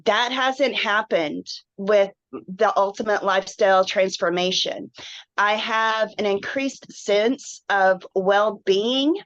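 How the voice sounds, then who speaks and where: A woman's voice: mid-range voice, slow, fairly bright tone, dry recording. A woman guest on a webinar, sharing her personal health story in an earnest, emotional, rambling way. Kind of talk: candid personal testimonial. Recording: dull, muffled online call audio.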